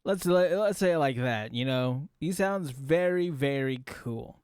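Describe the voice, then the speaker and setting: Man, streamer reaction commentary, rambling, lively up-and-down pitch, bone-dry sound. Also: measured pace, clear, resonant tone, no room sound. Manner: rambling, animated, talks to chat, demonstrates voice tricks.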